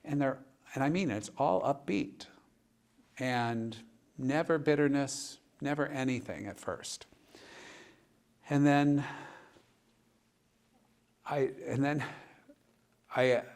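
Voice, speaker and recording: A man's voice: mid-range voice, slow, pauses often, a little mellow. Male pastor, mid-range voice, easygoing storyteller for a church panel. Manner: conversational, retells dialogue with "and she goes". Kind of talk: personal storytelling in a panel discussion.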